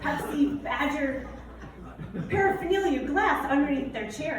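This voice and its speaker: A woman's voice: high voice, animated, normal speed. A woman sharing a memory at a memorial, telling it casually and with animation, laughing and acting out what others said. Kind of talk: casual storytelling. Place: memorial gathering in a large room. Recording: echoey room from far off with crowd and noise.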